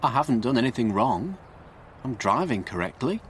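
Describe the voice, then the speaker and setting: A man's voice: mid-range voice, very animated, normal speed, fairly bright tone, slight background noise. A man reading a storybook, voicing a cheeky, determined young man in a raised voice. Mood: puzzled.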